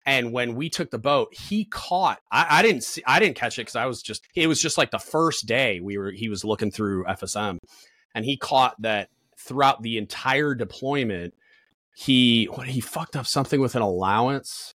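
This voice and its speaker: A man's voice: medium pitch, normal speed, fairly bright tone, no room sound. A man in his thirties, a podcast guest, telling work stories in casual chat with lots of fillers and swearing. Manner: blunt, profane, storytelling with lots of fillers.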